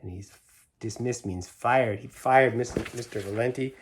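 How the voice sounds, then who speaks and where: A man's voice: medium pitch, moderate pace, slight background noise. Middle-aged man reading a picture book to kids. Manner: gentle, explains pictures, asides to kids. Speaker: storybook reader.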